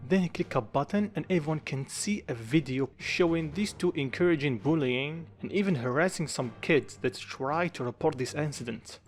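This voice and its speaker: A man's voice: fairly high pitch, moderate pace, few pauses. A man reading a dramatic fan-fiction story aloud and doing every part himself, with small grammar slips. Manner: reads all lines himself, quotes only lightly acted; non-native grammar slips. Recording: faint music behind the voice.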